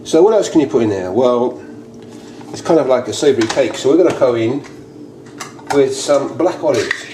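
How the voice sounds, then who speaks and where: Hosting an informal cooking video from his home kitchen, a British man chats and rambles, frequently restarting his thoughts. He has a mid-range voice with lively intonation at a normal pace, and the room is echoey with faint noise.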